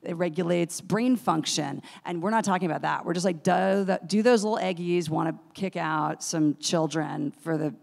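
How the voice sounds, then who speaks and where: A woman interviewer with a lowish, gravelly voice keeps things chatty and playful. Her questions echo through a hall with a long reverb, as at a live event stage. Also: normal speed, hardly any pauses, a little mellow. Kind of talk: onstage interview.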